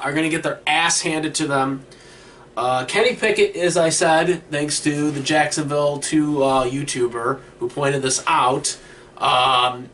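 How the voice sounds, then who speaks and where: A man co-hosting a casual sports picks chat over an online call, talking with plenty of fillers and pauses. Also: a little high, fairly bright tone. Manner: hesitant, many fillers. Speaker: co-host making picks. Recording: distant mic with faint noise.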